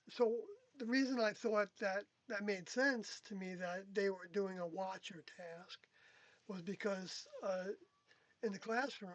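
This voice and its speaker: This speaker rambles through an unscripted reflective monologue, stopping, restarting and correcting themselves as they go. The voice sits at an ordinary middle pitch. The recording is dry and close, with no room echo. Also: muffled recording. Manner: halting, rambling, with many pauses and self-corrections. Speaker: former group member recounting experiences.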